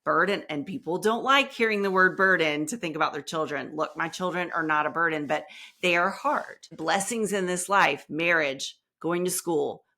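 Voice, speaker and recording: A woman therapist speaking as a podcast guest, expressive and emphatic, acting out what people said to her. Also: on the low side, moderate pace. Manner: expressive, acts out quotes, emphatic. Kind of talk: casual interview chat.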